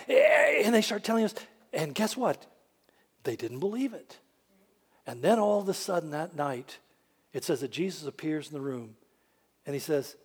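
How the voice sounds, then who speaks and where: A man's voice: high-pitched, moderate pace, pauses often. A man preaching a sermon as a pastor, telling stories with dry humor and acting out the voices of people he quotes. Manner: animated storyteller who acts out quoted voices with dry humor.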